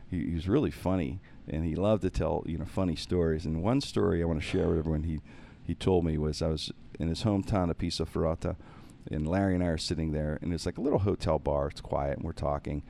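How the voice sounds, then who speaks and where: A man with a notably deep, low-pitched voice chats casually as a podcast host. He tells funny stories with animation, putting on voices for the people in them and laughing along. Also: fast, gravelly, few pauses. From Pittsburgh, USA. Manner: animated, acts out voices in anecdotes, laughs often. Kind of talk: casual storytelling.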